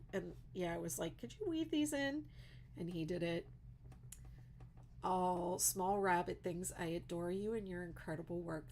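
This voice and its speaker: A woman's voice: lowish voice, slight background noise. A woman crochet designer chatting casually on a livestream, reading viewer comments, teary and emotional with lots of fillers.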